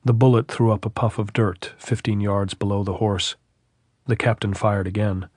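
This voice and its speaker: A man narrating a novel as an audiobook, reading in a measured, steady way. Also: on the low side, husky, dry recording, clean studio sound.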